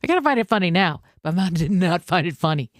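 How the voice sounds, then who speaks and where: Woman podcast host telling a story, lowish voice, really animated, kinda laughs at herself. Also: fast, dry recording, studio quality. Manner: animated, self-deprecating, acts out her own panic. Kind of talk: casual personal storytelling.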